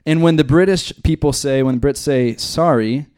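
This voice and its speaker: A man's voice: a little high, moderate pace, warm tone, smooth. A man from the United States teaching a Bible study in a conversational way, with joking asides. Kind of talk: church teaching.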